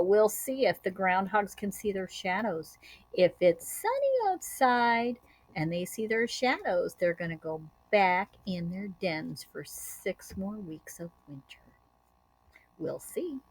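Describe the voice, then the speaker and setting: A woman teacher reading a picture book aloud to children. She tells it with animated storytelling and adds short asides and sound effects. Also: medium pitch, unhurried, a little hiss or hum.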